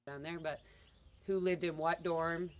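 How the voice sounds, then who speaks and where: A woman's voice: on the low side, fairly even intonation, unhurried, highs cut off. Woman narrating raw walkthrough footage. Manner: casual, reminiscing, loose with fillers like "like" and "you know".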